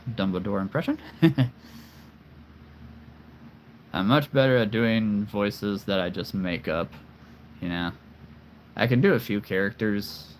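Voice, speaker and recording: A man's voice: lowish voice, a little hiss or hum, low-quality recording. A man hosting a casual livestream, enthusiastically showing his collection, repeating phrases and chuckling often. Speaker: host showing his toy figure collection.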